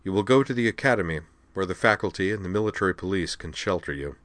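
A man voicing a stern, powerful noble patriarch who speaks firmly and in measured terms. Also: low-pitched, animated, fairly bright tone, no echo. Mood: commanding. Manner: firm, measured, commanding.

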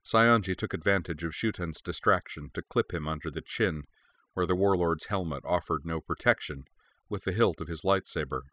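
A man narrates an action story in a steady, even manner. His voice is very deep yet bright and forceful. The recording is close and completely dry, with no room sound. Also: normal speed, dry recording. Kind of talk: audiobook reading of fan fiction.

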